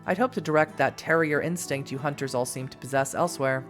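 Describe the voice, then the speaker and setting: A woman's voice: fairly low pitch, animated, a little fast, soft background music, natural voice. A woman voicing a composed female vampire who speaks in a neutral, dispassionate way. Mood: cold.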